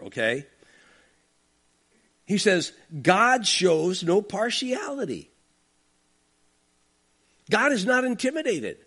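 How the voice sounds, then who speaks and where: A male pastor preaches in an emphatic, conversational style, often checking in with his listeners. His voice sits high for a man and swoops widely in pitch as he makes his points. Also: husky. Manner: emphatic and conversational, with asides like "okay?". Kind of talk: expository sermon.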